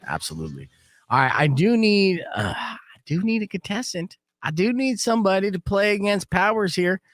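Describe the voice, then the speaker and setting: A man hosting a radio morning show, telling stories casually in a joking, animated way and running a call-in game. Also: high-pitched, normal speed, no echo, studio quality. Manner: animated, joking, acts out quoted voices. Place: radio studio. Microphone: studio microphone.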